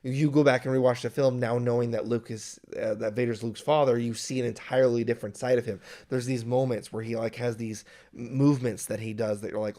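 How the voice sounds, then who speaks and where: A young man co-hosting a casual film review chat, excitable and acting out imagined lines of dialogue. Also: medium pitch, brisk, hardly any pauses. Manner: excitable, acts out imagined dialogue, many restarts. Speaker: podcast co-host.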